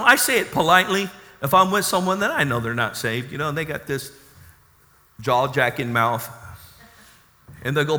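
A man's voice: high-pitched, bright, forceful tone, long reverb tail. A man preaching a sermon with emphatic, call-and-response asides to his congregation. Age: 30s. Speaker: pastor.

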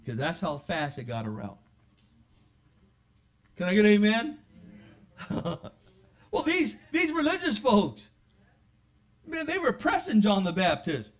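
The sermon comes from a high-voiced pastor speaking a little slowly, his pitch swooping wildly as he moves from easy asides to loud, fervent proclamations before his congregation in the church sanctuary. The recording is lo-fi and dull, with the highs muffled.

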